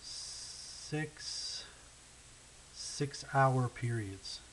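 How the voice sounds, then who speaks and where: A man in the middle of his range explains a math lesson step by step. He talks with patience, checks in often with "okay?" and "right?", and slows down as he writes out each number. A faint hiss sits under the recording. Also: medium pitch, a bit bright, rough recording. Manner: thinks aloud while writing, slows down on key numbers. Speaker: math teacher.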